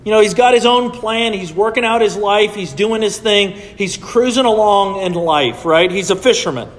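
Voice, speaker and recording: A man's voice: high-pitched, normal speed, in a large hall. A man preaching a sermon to his church in a conversational way, often checking in with his listeners. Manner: conversational preaching with frequent "right?" asides. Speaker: pastor. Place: church sanctuary.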